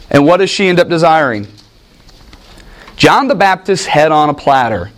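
A man preaching a Bible study in an animated, joking way, asking his listeners questions. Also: on the high side, a little slow. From United States. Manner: animated, jokey asides, asks the room questions. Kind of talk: teaching sermon with audience questions.

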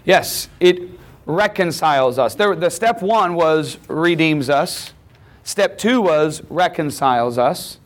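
A man's voice: on the high side, lively intonation, slow pace. A man teaching a class, lecturing in a conversational way and often checking in with questions.

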